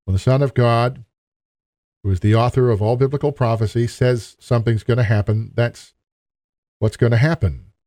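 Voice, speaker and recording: A man's voice: medium pitch, fairly even intonation, normal speed, warm tone, dry recording. Earnest male preacher, dry sound. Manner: earnest, emphatic preaching with direct appeals to listeners. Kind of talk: sermon.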